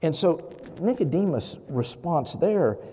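A man's voice: fairly high pitch, expressive, measured pace, mellow, breathy edge, big-room sound. A man preaching a conversational sermon as pastor, with many fillers and restarts.

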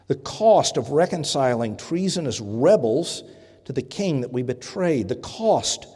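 A man preaching a sermon, earnest and deliberate, pausing often and correcting himself as he goes. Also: medium pitch, darkish tone. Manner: earnest, with pauses and self-corrections. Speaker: pastor. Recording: reverberant hall.

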